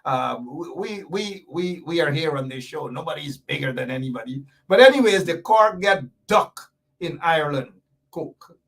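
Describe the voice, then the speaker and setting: A man with a high voice hosts a lively commentary show. He hammers his points home and repeats them, with sarcastic asides along the way. He sits a little away from the microphone. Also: normal speed, creaky, far from the mic. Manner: emphatic, repetitive, sarcastic asides. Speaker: host. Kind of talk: animated political commentary show.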